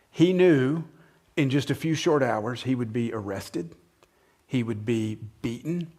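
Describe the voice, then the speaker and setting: Man preaching a conversational sermon. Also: medium pitch. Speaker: pastor.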